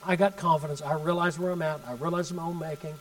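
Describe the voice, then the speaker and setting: A man preaching a sermon and telling a story, emphatic, swinging from loud bursts to hushed asides. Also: a little high, fairly even intonation, fast talker, recorded from a distance, low-quality recording.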